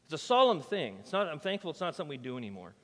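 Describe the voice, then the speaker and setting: A man preaching a sermon as pastor, emphatic and conversational, swinging between loud declarations and soft, quiet asides. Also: on the high side, wildly swooping pitch, rapid-fire, long reverb tail. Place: church.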